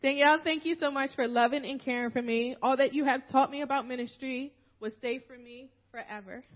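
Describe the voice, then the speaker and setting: A woman's voice: high-pitched, steady tone, fairly quick, dull audio. A woman from Philadelphia reading a prepared farewell speech to her church, emotional and holding back tears. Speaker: minister's wife giving a farewell talk.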